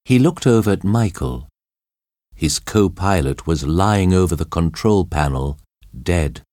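A man narrating an audiobook chapter in a slow, deliberate, expressive reading. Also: low-pitched, dry recording, clean studio sound. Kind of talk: scripted narration of a graded reader.

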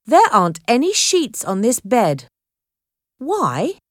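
A woman's voice: on the high side, huge pitch swings, slow, dry recording, studio quality, pitched above the performer's own voice, full character voice. A woman voicing a spoiled, whiny rich teenage boy who complains and makes demands in a storybook reading. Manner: petulant, complaining.

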